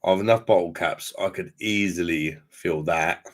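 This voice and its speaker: Streaming from a home room with sound panels, a tipsy man chats casually about beer at normal speed in a deep voice. He rambles, friendly, swearing freely.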